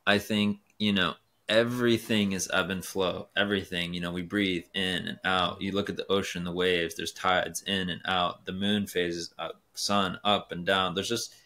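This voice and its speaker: A man's voice: low-pitched, little pitch movement, moderate pace, few pauses, sharp tone. A man in his twenties, a guest on a podcast, talking earnestly and philosophically with many fillers like "you know" and "like". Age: 20s. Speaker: guest, race car driver. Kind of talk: casual podcast conversation.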